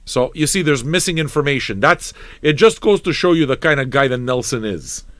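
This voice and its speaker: Medium-pitched and fairly bright, this man talks briskly with lively intonation, recorded dry. He's a livestream DJ running a record show, bantering casually with his chat in a rambling, foul-mouthed, mock-angry way.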